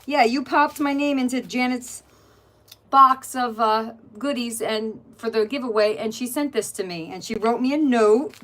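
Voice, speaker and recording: A woman's voice: fairly high pitch, normal speed, fairly bright tone. Middle-aged woman flipping thru her art journal, chatty, says hi to viewers by name. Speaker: art journaling channel host. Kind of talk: casual chat while flipping through a journal.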